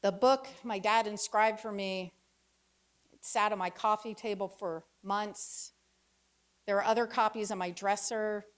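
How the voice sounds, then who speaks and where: A woman in her fifties performing a reflective personal essay with wry storytelling and pauses. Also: mid-range voice, steady tone. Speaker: author giving a reading.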